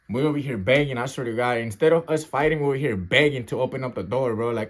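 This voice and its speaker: A slangy man with a fairly high, animated, slightly fast voice tells a street story to camera about his time in youth custody. He keeps checking in with "right?" and "bro," acting out sounds and gasps along the way.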